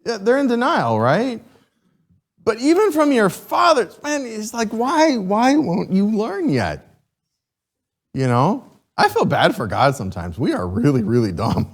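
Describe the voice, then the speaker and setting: A man teaching a Sunday school class, reading scripture and questioning his students in a lively, chuckling way. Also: sits high, a little slow. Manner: animated, asks the class questions, chuckles often.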